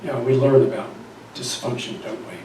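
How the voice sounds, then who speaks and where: A pastor with a mid-range, mellow male voice preaches fairly quickly, telling a story and asking the congregation questions. He is heard from far off in an echoey church sanctuary, with slight background noise.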